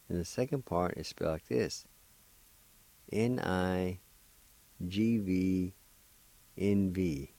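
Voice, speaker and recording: A man with a low, dark voice leads a slow radio pronunciation lesson as a language teacher, spelling each word letter by letter and carefully sounding out every syllable. No room sound is present.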